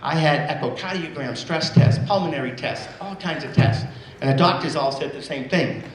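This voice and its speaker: A man's voice: on the high side, normal speed, slight background noise. A man in his sixties giving a motivational speech at a school assembly, telling stories and repeating key phrases for emphasis. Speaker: guest speaker at a school assembly. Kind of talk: motivational storytelling. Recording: roomy hall sound with faint ambience.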